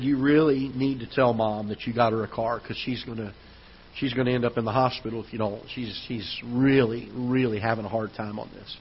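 Husky-voiced pastor preaching a sermon. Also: male voice, mid-range voice, dull audio. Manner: storytelling, rising to emphatic preaching. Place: church auditorium.

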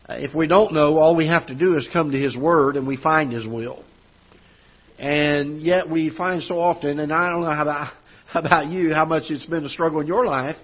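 A man's voice: a little high, husky, muffled recording. A man preaching a sermon as pastor in a church auditorium, speaking earnestly and conversationally with fillers and restarts. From Florida.

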